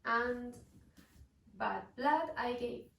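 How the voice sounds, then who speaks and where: Chatty young woman, gravelly, roomy echo. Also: on the high side, very slow. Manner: chatty and expressive, bursts into exasperated rants. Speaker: book reviewer. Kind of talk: casual book wrap-up vlog. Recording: roomy echo, mic at a distance.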